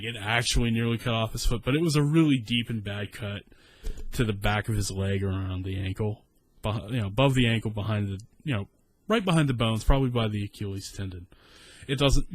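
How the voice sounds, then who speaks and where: A man's voice: fairly low pitch, fairly quick, husky. A man in his thirties with a South Texas accent, telling a rambling, profane story in casual story time.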